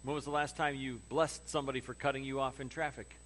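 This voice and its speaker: A man's voice: mid-range voice, little pitch movement, quick pace, fairly bright tone, a little hiss or hum. A man preaching a sermon in a conversational way, with humorous asides. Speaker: pastor.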